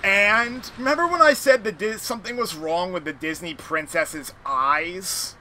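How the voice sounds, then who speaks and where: A man hosting a casual gaming podcast, talking through an animated, rambling rant with some swearing. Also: high voice, measured pace, slight background noise. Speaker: podcast host playing a video game.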